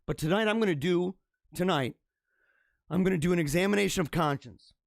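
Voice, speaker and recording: A man hosting a live religious stream, talking fervently and preachily, dropping to hushed tones and then rising to loud exhortation. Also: high-pitched, a little fast, gravelly, dry recording, clean studio sound. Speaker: host of a live religious show. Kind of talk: impassioned live-stream monologue.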